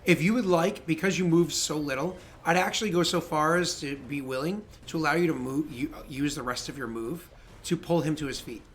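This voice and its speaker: A man's voice: fairly high pitch, fairly quick, a bit bright, a little hiss or hum. A man running a tabletop game as game master, playful and prone to stammering restarts.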